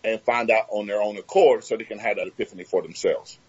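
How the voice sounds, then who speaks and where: A man's voice: lowish voice, fairly even intonation, fast talker, breathy edge, lo-fi sound. A man from Miami hosting an interview, talking reflectively and searching for his words. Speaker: host. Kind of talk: casual interview talk.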